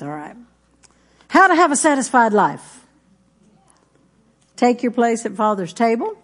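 A woman's voice: medium pitch, sing-song, takes it slowly, long pauses, a bit bright. A middle-aged woman pastor, preaching a folksy sermon full of stories. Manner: folksy, storytelling, with congregation responses.

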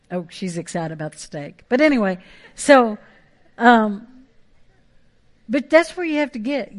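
A woman pastor, preaching a sermon with emphatic, repeated phrases. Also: medium pitch.

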